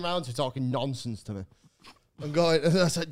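A man's voice: fairly high pitch, brisk, slight background noise. A young man, a podcast co-host, telling a rambling story in casual chat, laughing and swearing, with many false starts.

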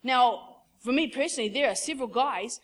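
A woman's voice: on the high side, brisk. A woman preacher giving a fervent sermon in a conversational, storytelling way.

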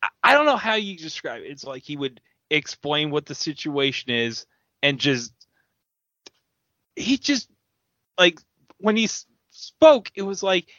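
Hesitant man with a bright, lively voice. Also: on the high side, unhurried, no room sound. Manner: hesitant, searching for words, laughs easily. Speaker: co-host. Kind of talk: casual chat. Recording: dull, dry lo-fi recording.

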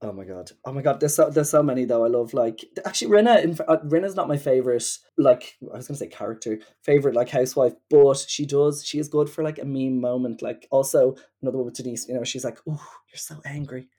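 Casual podcast co-host, woman, breathy edge, chatty and rambling. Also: a bass voice, quick pace, hardly any pauses, dark tone. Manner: chatty, rambling, many fillers. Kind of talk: casual chat.

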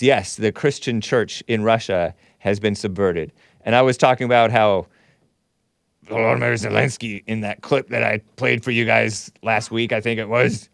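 Reading a news story on his commentary show, this host keeps interrupting himself with mocking, sarcastic remarks and laughs. His voice sits lowish with vocal fry, and the casual monologue is recorded at studio quality without echo.

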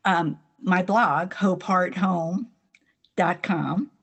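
An older woman with a New Jersey accent speaks slowly and deliberately in a somewhat low voice. She is a guest in a faith interview, telling earnest stories from her life with an occasional laugh. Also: breathy edge. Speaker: guest author.

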